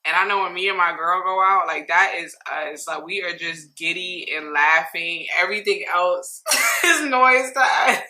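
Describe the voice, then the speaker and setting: A young woman recapping a reality show in casual, slangy chat, animated and laughing often. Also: fairly low pitch, moderate pace, slight background noise. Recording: roomy echo.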